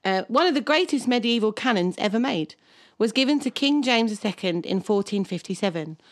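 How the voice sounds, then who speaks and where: A woman's voice: fairly high pitch, expressive, a little fast, no echo, studio quality. A woman co-hosting a podcast, chatting casually, laughing often and reading history notes aloud. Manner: giggly, reads notes aloud. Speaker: podcast co-host.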